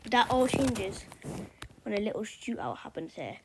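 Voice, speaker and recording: A woman's voice: mid-range voice, big pitch swings, normal speed, noisy background. A woman casually narrating a map scenario, rambling with lots of fillers and offhand remarks. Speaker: map video creator. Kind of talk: casual commentary over a map.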